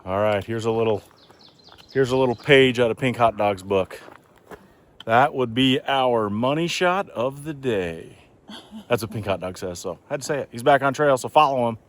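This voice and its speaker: Out on the trail and a little breathless from climbing, a thru-hiker vlogger with a medium-pitched voice tells casual stories at a moderate pace. His manner is chatty and folksy, with casual swearing.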